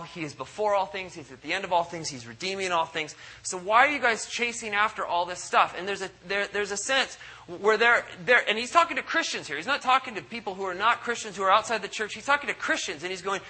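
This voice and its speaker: A man preaching a sermon at a church service, animated and acting out quoted voices. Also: husky, poor audio. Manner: animated, acts out quoted voices with big pitch jumps. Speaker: pastor.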